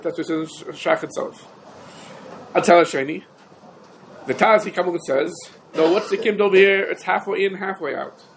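A man's voice: high voice, creaky, a bit bright, slight background noise, poor audio. A man teaching a halachic text in a style lecture, posing questions and answering them himself. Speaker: Talmud teacher.

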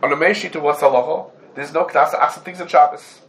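A man's voice: a little high, steady tone, quick pace, a bit bright, rough recording. A man teaching a religious law class to students, laying out cases through rhetorical questions and Hebrew terms mixed into English. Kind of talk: Talmudic law lesson.

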